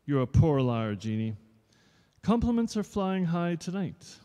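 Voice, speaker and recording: A man reading aloud as a charming young poet, coaxing and flattering a girl. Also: fairly high pitch, unhurried, voice pushed up. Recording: long reverb in a showroom.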